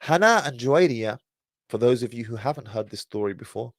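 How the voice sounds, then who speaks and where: A man's voice: medium pitch, fairly quick, dry recording, studio quality. A man talking casually to his livestream viewers. He sighs often as he talks. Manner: animated, sighing often. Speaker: livestream host.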